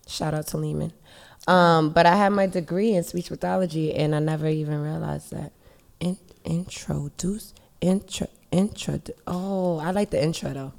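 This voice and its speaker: A woman from the Bronx with a New York accent, hosting a casual podcast chat in a playful, animated way and laughing often. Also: low voice, moderate pace, vocal fry. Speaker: podcast host.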